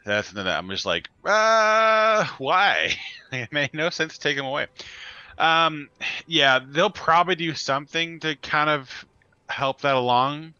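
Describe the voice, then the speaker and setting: A man's voice: a little high, normal speed, sharp tone, smooth, no room sound. A man co-hosting a gaming live stream in casual chat, laughing now and then between points. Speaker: co-host of a game live stream. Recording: dull, lo-fi sound.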